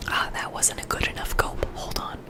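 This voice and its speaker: A young woman whispering through an ASMR livestream, giggly and self-mocking as she talks straight to her chat. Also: normal speed. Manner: addresses chat directly. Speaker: ASMR streamer. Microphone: earbuds with a streaming mic.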